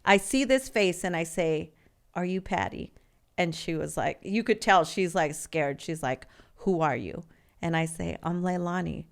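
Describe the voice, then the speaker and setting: A woman's voice: on the low side, vocal fry. A woman in her forties from California, a podcast guest telling her life story in a candid, earnest way. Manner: earnest and open, with halting restarts.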